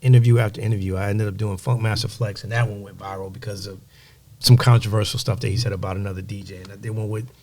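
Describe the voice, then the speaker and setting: Gravelly-voiced man telling stories. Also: on the low side, fast talker. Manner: animated storyteller, acts out quoted voices; motivational, emphatic delivery. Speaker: guest, music executive. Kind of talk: storytelling in a podcast interview.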